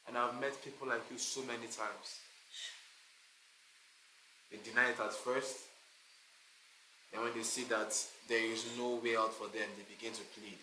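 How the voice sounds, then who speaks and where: A man's voice: fairly low pitch, noisy background, lightly acted. A man playing a stern police officer who speaks in a cold, threatening, matter-of-fact way. The voice is recorded from a distance in an echoey room with music underneath. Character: stern male police officer, harsh and unrelenting.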